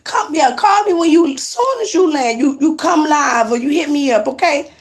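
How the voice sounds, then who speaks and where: A woman with a high-pitched voice chats on a live stream. She teases her viewers and answers their comments as they come in. She talks from her apartment into a phone. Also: animated, moderate pace. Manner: chatty, teasing, answers comments aloud.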